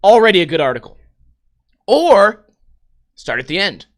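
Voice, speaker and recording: Comic host reacting to headlines, bright voice, big swings in pitch. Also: male voice, moderate pace. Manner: animated, profane, laughing asides. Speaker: comedy commentator. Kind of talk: comic reading of news articles.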